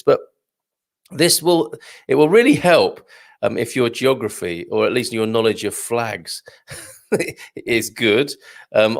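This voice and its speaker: A man's voice: medium pitch, creaky. A man hosting a live show, musing over the news in a wry, chatty way and asking his audience questions. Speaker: show host.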